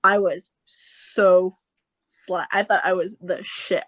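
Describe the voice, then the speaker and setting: A young woman telling a long personal story on a podcast, animated and quick to act out what others said, with lots of filler words. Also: fairly low pitch, dry recording. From United States. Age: young adult. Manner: animated storyteller, acts out quotes, says like a lot. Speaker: podcast guest. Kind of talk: casual storytelling chat.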